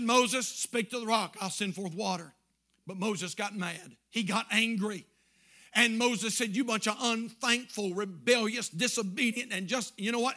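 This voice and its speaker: High, bright-voiced preacher man. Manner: emphatic, repeats refrains, reads scripture aloud. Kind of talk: evening church sermon.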